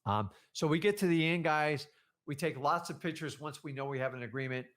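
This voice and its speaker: A man's voice: on the high side, a little fast. A man giving a casual coaching talk as a real estate trainer, acting out conversations with sellers. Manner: animated, acts out seller conversations.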